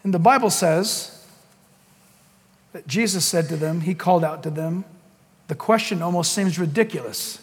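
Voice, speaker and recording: A man preaching a sermon as pastor, animated, acting out Bible scenes with laughter and sudden shouts. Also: high voice, moderate pace, long pauses, slightly rough, in a large hall.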